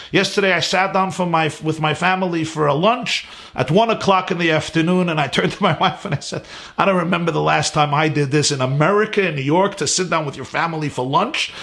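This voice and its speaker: A man with a fairly high voice delivers a heartfelt class as a rabbi, recorded at home. He talks with steady conviction, pressing each point by listing words in a climbing cadence. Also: vocal fry. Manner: earnest, emphatic, lists words in rising cadence. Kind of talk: sermon-style class. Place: his home.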